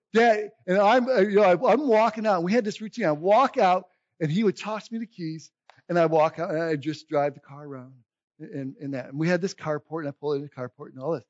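A man with a fairly high voice preaches in an animated, meandering storytelling style. He circles back and restarts his lines, then jumps into loud, excited outbursts. The recording is close and dry, with a slightly muffled, dull tone. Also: no echo. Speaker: pastor. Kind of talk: humorous sermon storytelling.

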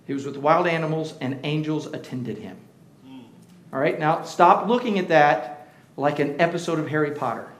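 High-voiced preacher in an echoing church. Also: male voice, normal speed. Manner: preaching with swings from hushed to shouted. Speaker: pastor. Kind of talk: sermon. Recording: roomy church echo.

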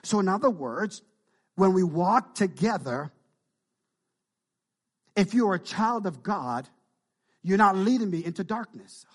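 A man preaching a sermon as pastor, animated, with frequent call-and-response asides to the congregation. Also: sits high, unhurried, long pauses.

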